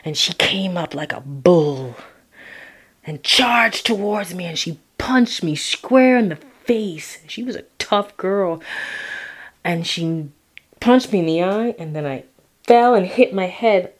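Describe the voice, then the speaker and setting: A woman from Toronto narrating her own life story in a reflective way, with long pauses. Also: lowish voice, lively intonation, breathy edge. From Toronto, Canada. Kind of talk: personal storytelling.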